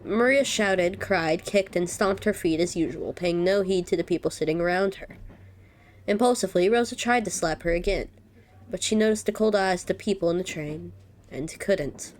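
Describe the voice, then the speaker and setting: A young woman reading a visual novel aloud as a let's-play host, breaking off with loud reactions. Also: lowish voice, moderate pace, slight background noise. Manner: expressive, reacts loudly.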